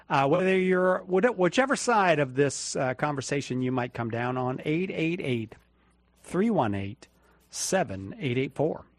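A man hosts a call-in radio show, moving callers along briskly and in a friendly way. The studio sound is dry and close. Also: fairly high pitch, no echo. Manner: friendly, brisk, gives out the phone number. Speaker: radio host.

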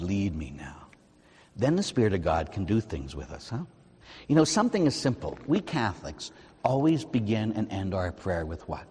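A male Catholic priest giving a sermon, moving between soft prayerful passages and animated storytelling. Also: lowish voice, slightly rough, long reverb tail. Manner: animated preaching, soft prayerful asides and acted-out quotes. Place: church.

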